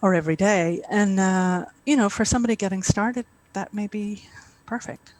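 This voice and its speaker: A woman's voice: mid-range voice, moderate pace, a little mellow, low-quality recording. A middle-aged woman from Ireland with an Irish accent, a guest author chatting in an interview with easy asides. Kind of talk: casual interview chat.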